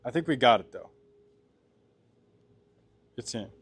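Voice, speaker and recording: A man's voice: medium pitch, lively intonation, takes it slowly, husky, no echo. Chatty blacksmith man reading his chat. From Washington State, USA. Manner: chatty, laughs often, reads chat aloud and answers. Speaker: blacksmith livestreamer. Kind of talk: casual livestream chat while working. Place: blacksmith workshop.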